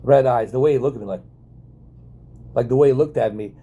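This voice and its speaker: Dark-voiced man telling a story. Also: medium pitch, fairly quick, breathy edge, highs cut off. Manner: excitable, profane, many fillers and restarts. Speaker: vlogger. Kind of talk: casual storytelling to camera.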